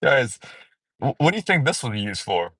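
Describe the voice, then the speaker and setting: A man talks loosely to his phone on a livestream outside a mall. His pitch swings around a lot as he jokes and rants, and the sound is dry and close. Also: big pitch swings, moderate pace, sharp tone, breathy edge, no echo. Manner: rambling, playful, swears freely, sudden singing and high-pitched bits. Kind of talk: casual livestream chat. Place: outdoors at a mall parking area.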